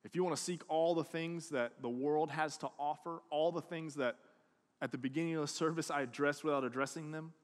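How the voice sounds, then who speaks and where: A high-pitched man with a drawl preaches a lively sermon. He drops to a hush, then builds to loud, acted-out quotes. His voice rings with a long hall reverb. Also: brisk. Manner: animated, swings from hushed to loud, acts out quotes. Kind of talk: sermon with storytelling.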